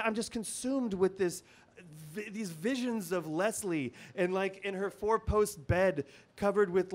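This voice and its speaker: A man's voice: sits high, fairly bright tone. A man telling a rambling comic story on stage at a live show, nervous and full of restarts and fillers. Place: live comedy venue.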